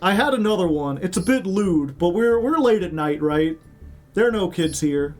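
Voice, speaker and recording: A man's voice: high-pitched, animated, normal speed, faint music behind. A man streaming a card game, chatting casually with his chat, rambling and laughing at his own jokes. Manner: rambling, joking, laughs often.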